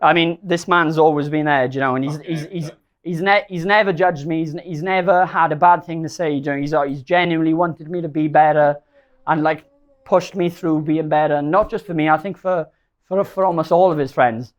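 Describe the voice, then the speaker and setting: A young man with a slightly high voice, giving a best man toast at a wedding reception. He rambles and loops back on himself. He gets emotional and laughs at his own stumbles. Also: steady tone, a little fast, dull audio. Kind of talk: wedding speech.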